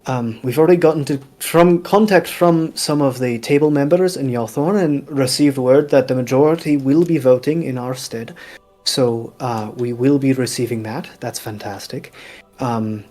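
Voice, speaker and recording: A man voicing a measured, reassuring royal mother in a tabletop game. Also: medium pitch, darkish tone, close to an everyday voice. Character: poised royal mother reporting politics.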